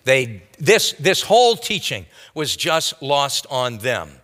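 A man's voice: medium pitch, big pitch swings, slow, a bit bright, in a large hall. A man preaching a sermon as a pastor, teaching verse by verse in a conversational, folksy way with casual asides. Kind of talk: expository sermon.

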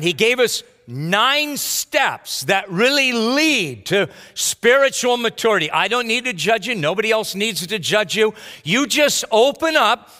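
Animated high-voiced man preaching. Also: long reverb tail. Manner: animated preaching with storytelling asides. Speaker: pastor. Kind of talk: sermon.

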